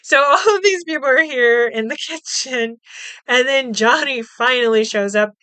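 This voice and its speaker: A woman's voice: sits high, normal speed, sharp tone, clean tone, dry recording. A woman podcast host casually recapping a movie, chatty and swearing, laughing as she acts out the characters' lines.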